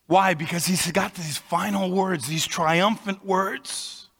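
A man preaching from the pulpit, his slightly higher-than-average voice carrying through a long hall reverb. He explains things in a conversational way and pauses for emphasis between phrases. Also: fairly even intonation, creaky, a bit bright, slightly rough. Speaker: pastor. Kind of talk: sermon.

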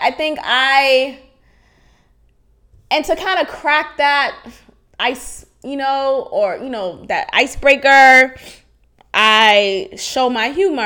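A woman's voice: high-pitched, pushed and bright. A young woman from Haiti hosting a podcast, talking frankly and animatedly about her life, laughing often and swearing freely. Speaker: podcast host. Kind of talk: candid personal podcast monologue.

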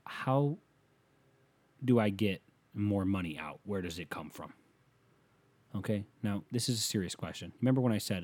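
A man's voice: on the low side, lively intonation, moderate pace, pauses often, darkish tone. A man hosting a solo podcast, ranting in a rambling, profane way, with a slight lisp on his s sounds. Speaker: podcast host.

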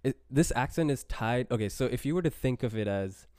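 A man's voice: mid-range voice, animated, a little fast, darkish tone, no room sound, clean studio sound. A young man from India, chatting casually and thoughtfully, laughing often. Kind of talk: casual chat.

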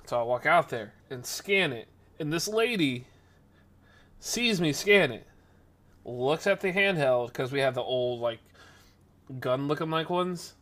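A man casually telling a rambling workplace story, animated and acting out the voices of the people in it. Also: a little high, a little slow.

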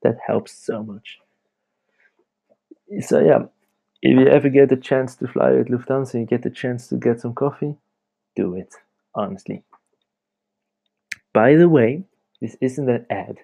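Gravelly, rambling young man podcasting. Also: mid-range voice, measured pace, pauses often, dark tone, highs cut off. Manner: rambling, chatty, laughs often. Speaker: podcast host. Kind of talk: casual late-night monologue. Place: home, late at night.

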